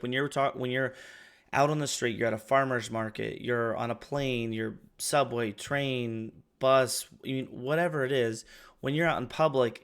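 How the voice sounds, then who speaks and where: A man teaching insurance sales in a relaxed, chatty lesson. His voice sits at a middling pitch with a noticeable gravelly fry. He tends to let his sentences fade softly at the end. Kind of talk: casual training talk.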